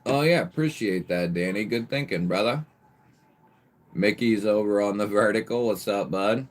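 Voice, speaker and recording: A man hosting a casual live stream, greeting viewers by nickname with lively bursts of emphasis and the odd swear word. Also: fairly low pitch, moderate pace. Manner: occasional mild swearing. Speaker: livestream host.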